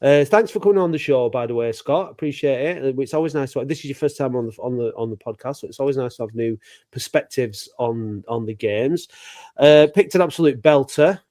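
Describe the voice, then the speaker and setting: Male fan-podcast host, mid-pitched, banter-heavy, dry close sound. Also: a little fast, warm tone, dry recording. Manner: chatty, joking banter. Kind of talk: casual chat.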